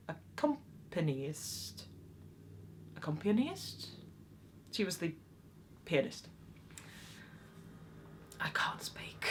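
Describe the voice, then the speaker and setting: A woman actress tells her audition stories to camera in a wry, self-mocking way. Her voice is bright and her pitch moves in lively swoops. She keeps an unhurried pace. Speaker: actress vlogger. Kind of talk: casual storytelling to camera.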